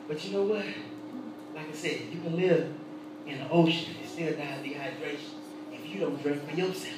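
A man preaching a sermon, telling a personal story with laughter and swinging between hushed and loud delivery. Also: a little high, normal speed, heavy reverb, distant mic, noisy background.

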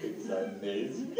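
Alone, a man who is an evangelist recounts his testimony to a listening audience at an unhurried pace, his dark, mellow voice swinging widely in pitch and leaping into excited highs. His English is halting and non-native. He sounds distant in a strongly echoing room with a faint hum.

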